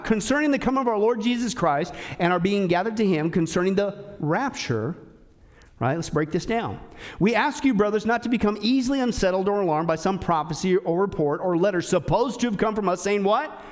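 A man with a high-pitched voice preaches a sermon. He keeps asking his listeners rhetorical questions and stresses his points hard. He drops to a hushed tone for the serious lines. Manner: emphatic, rhetorical questions, swings between loud and hushed. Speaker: pastor.

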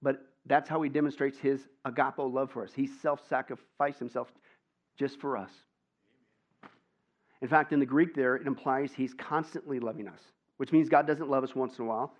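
A male pastor preaching a lively, conversational sermon and tossing questions to his listeners, on a dull lo-fi recording. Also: mid-range voice, normal speed. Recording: dull lo-fi sound.

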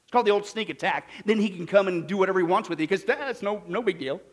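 A man's voice: high-pitched, fast. A man preaching a sermon, reading verses and putting emphatic questions to the congregation. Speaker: pastor.

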